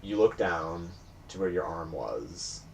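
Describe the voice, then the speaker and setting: Very deep-voiced man narrating a game. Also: slow, gravelly. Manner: relaxed, rambling storytelling. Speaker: game master. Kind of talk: narrating a tabletop horror game. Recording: distant mic with faint hiss.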